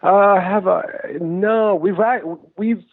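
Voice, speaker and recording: A man's voice: high voice, takes it slowly, no room sound. A man from New England who makes and acts in films, chatting loosely as a guest and telling stories with plenty of swearing. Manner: loose, profane, animated storytelling. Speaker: filmmaker and actor guest. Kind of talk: casual interview chat. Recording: dry, tinny phone-like sound.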